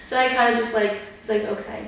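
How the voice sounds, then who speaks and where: Quick and a little high-pitched, this young woman's fairly even voice carries her casual podcast chat, full of "like" and acted-out quotes from others. She's far from the mic in an echoey room, slightly off-axis.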